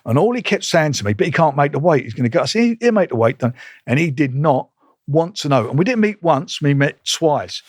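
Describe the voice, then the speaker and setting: A man's voice: a little high, a little fast, no room sound, studio quality. An older man, a boxing promoter telling blunt stories in a casual interview and acting out old conversations. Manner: blunt, animated, re-enacts conversations in quotes.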